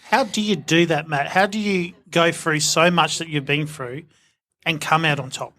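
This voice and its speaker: A man's voice: a little high, steady tone, moderate pace, bright, forceful tone. A man with an Australian accent hosting a live radio interview at a networking event, upbeat presenter manner. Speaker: radio host.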